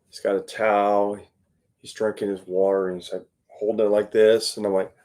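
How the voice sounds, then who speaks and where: A man's voice: on the low side, normal speed, a little mellow. A man hosting his own channel and chatting casually as a gigging guitarist, telling stories with lots of fillers and laughs. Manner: rambling storyteller with many fillers and laughs. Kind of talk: casual chat to a live stream audience.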